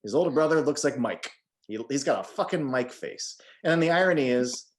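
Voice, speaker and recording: A man in his forties co-hosts a film podcast, speaking fairly quickly at medium pitch with lively intonation. The chat is casual as he jokes, swears, and rambles loosely.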